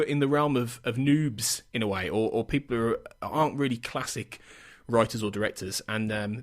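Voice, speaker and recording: A man hosting a podcast, chatting casually and joking at his own expense, with many quick restarts. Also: mid-range voice, a bit bright. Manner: chatty and self-mocking, lots of restarts and laughs. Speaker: podcast host.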